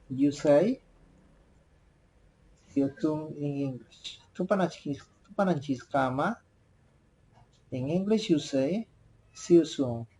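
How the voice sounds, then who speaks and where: A man teaching vocabulary in a slow lesson, repeating each word and phrase in halting English. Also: fairly high pitch, dark tone, poor audio. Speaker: language teacher.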